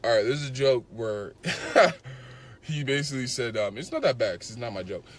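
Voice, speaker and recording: A man's voice: mid-range voice, lively intonation, moderate pace, a crowd in the background. A young man co-hosting a podcast, chatting casually and rambling through a long joke with many restarts. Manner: rambling, restarts a lot, retells a joke with quoted voices. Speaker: podcast co-host. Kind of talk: casual chat.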